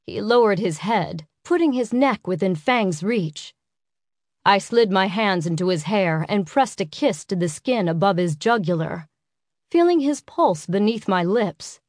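Female audiobook narrator, mid-pitched, intimate and unhurried, dry close recording. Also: dry recording. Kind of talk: first-person romance audiobook narration.

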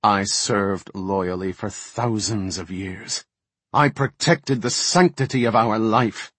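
A man voicing a cold, vengeful female warden who speaks calmly and with contempt. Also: on the low side, slow, breathy edge, no echo, exaggerated voice. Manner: calm, contemptuous.

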